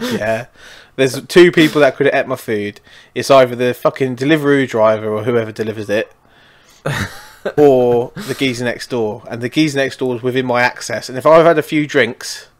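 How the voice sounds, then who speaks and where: A man's voice: medium pitch, moderate pace. Male podcast co-host, loose rambling sweary chat. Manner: sweary, rambling, lots of fillers. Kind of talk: casual advice chat.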